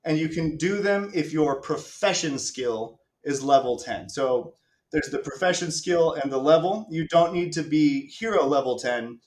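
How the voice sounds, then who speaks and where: A man's voice: fairly high pitch, expressive, unhurried, darkish tone, echoey room. A man hosting a live stream, casually walking viewers through a game demo with self-mocking asides and the odd swear. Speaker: stream host.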